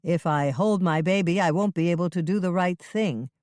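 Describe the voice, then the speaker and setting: Young widow in hiding, voiced by the narrator, earnest and steady. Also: medium pitch, moderate pace, no room sound, studio quality, natural voice. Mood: resolute. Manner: earnest, pleading, firm. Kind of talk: audiobook reading.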